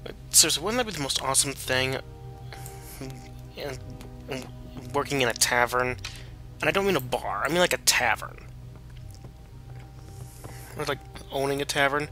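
A man's voice: medium pitch, animated, normal speed, long pauses, sharp tone, soft background music. A young man casually commenting on his gameplay, chatty and joking. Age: young adult. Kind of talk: casual let's play commentary.

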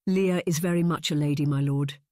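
A dignified young noblewoman, as a male audiobook narrator puts her on speaks with firm courtesy in a fairly high voice. The sound is dry and close to the mic. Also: fairly even intonation, a little fast, mellow, dry recording, natural voice.

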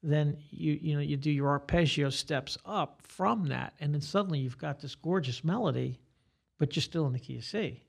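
An older man, a guitar teacher, talking in a relaxed podcast chat and rambling through examples as he explains. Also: a little high, moderate pace, vocal fry, husky. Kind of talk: casual podcast conversation.

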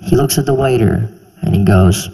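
A man in his twenties performing a stand-up comedy routine, animated and incredulous, sometimes bursting into shouts, on a handheld mic on a theater stage. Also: fairly low pitch, moderate pace, husky. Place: theater stage before a live audience. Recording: reverberant live hall, faint ambience.

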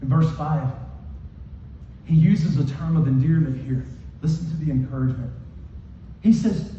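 A male pastor delivers a sermon with emphatic, repetitive phrasing, his high voice dark and mellow in tone. He shifts from raised, near-shouted lines to quiet ones. The sound is dull and comes from far off in a very echoey church hall. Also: moderate pace, a little hiss or hum. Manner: emphatic, repetitive preaching that swings from shouting to soft.

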